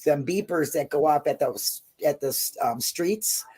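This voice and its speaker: A woman guest chatting casually, excitable and emotional, often stammering. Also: low-pitched, normal speed, husky. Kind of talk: casual chat.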